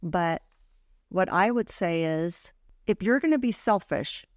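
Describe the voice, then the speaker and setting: On her casual faith podcast, a woman with a lowish, expressive voice recounts a personal story earnestly and takes her time doing it. The recording is dry and studio-clean.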